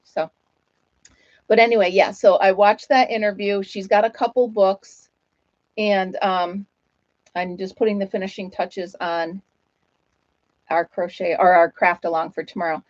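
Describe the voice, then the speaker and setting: Chatty woman host, casual live-stream chat, mid-pitched and self-deprecating, slightly dull lo-fi sound, dry. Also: fairly even intonation, measured pace, long pauses, dry recording.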